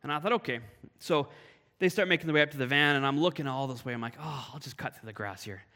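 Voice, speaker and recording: A man from Canada giving a sermon, telling a personal story in a lively, animated way. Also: medium pitch, quick pace. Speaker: pastor. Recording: long hall reverb.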